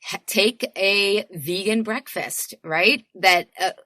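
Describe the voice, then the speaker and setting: A woman guest on a podcast, talking fast and animated, laughing often and jumping into playful quoted voices. Her voice sits at an ordinary middle pitch. The sound is dry and close, with no room echo. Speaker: podcast guest, health coach. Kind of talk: casual chat.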